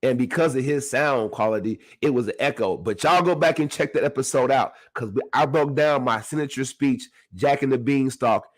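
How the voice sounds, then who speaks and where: A man hosting his own podcast, talking to his listeners in a casual motivational monologue, animated and laughing often. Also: medium pitch, moderate pace, hardly any pauses. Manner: animated, laughs often, talks straight to the audience. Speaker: podcast host.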